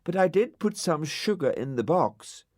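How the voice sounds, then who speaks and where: Man putting on a sweet little girl voice, high and gentle, storybook style. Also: sing-song, measured pace, no echo, clean studio sound. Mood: chiding.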